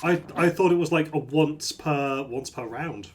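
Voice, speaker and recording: A man playing in a tabletop game, eager and animated, often restarting his sentences. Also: on the high side, a little slow, slight background noise. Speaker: player.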